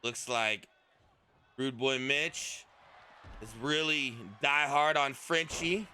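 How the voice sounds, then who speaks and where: A man's voice: mid-range voice, takes it slowly, sharp tone, slight background noise. A man doing wrestling commentary, trash-talking and mocking a wrestler. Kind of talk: heel-leaning play-by-play banter.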